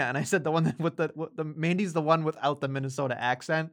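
A man's voice: a little high, fast, hardly any pauses, fairly bright tone. A man co-hosting a casual wrestling podcast, rambling along with fillers and restarts. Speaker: podcast co-host.

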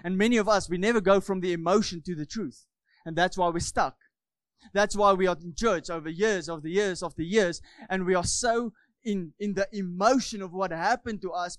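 A man preaches with fervent repetition, often calling for an amen. His voice sits high for a man. The sound is dry and close, with little room echo. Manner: fervent, repeats phrases, asks the congregation for amens. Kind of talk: sermon.

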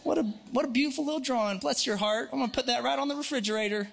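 A man's voice: very high-pitched, rapid-fire, vocal fry, fairly bright tone, a little hiss or hum, pitched above the performer's own voice, full character voice. Man putting on a doting old Southern granny. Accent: American Southern.

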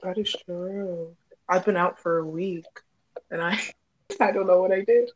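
A woman's voice: on the low side, steady tone, measured pace, lo-fi sound. Giggly, rambling woman hosting a casual chat. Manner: rambling, giggly, lots of fillers. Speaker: host.

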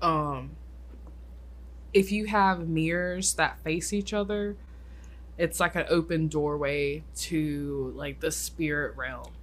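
A young adult podcast co-host telling stories in a casual chat, full of filler "likes" and sudden quick bursts. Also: medium pitch, steady tone, fairly bright tone, slight background noise.

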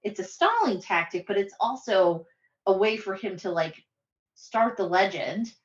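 A woman guest on a podcast, discussing a film casually in a thoughtful, measured way. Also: medium pitch, very animated, roomy sound, lo-fi sound. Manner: thoughtful, measured, uses "like" and "I think".

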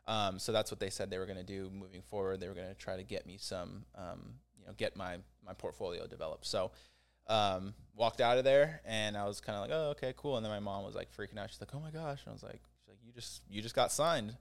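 Low-voiced young man, rambling storyteller. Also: steady tone, fast talker, creaky, clean tone. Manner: rambling, many fillers and restarts. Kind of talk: casual storytelling.

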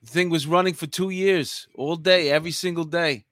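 New york dude, heavy accent, slightly high voice, chatty, laughs a lot, dry close mic. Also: male voice, fairly even intonation, moderate pace, fairly bright tone, dry recording. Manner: chatty, laughs easily, many fillers. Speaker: co-host. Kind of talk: casual podcast chat.

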